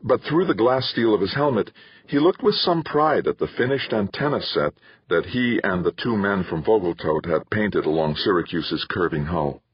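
A man narrating a science fiction audiobook in a measured storytelling manner, in a dull lo-fi recording. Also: lowish voice, lively intonation, slightly rough, dry recording. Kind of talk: scripted narration.

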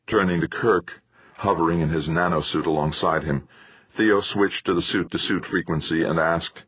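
Deep husky male audiobook narrator. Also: animated, dry recording. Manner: measured storytelling. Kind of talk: scripted narration. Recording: dull lo-fi audiobook recording.

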